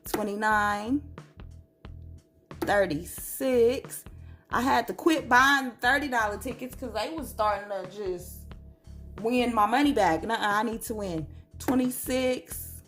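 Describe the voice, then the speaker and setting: A woman's voice: on the high side, a bit bright. A woman chatting casually to viewers while scratching lottery tickets and reading numbers aloud. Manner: chatty, slow and drawn-out, reads numbers aloud.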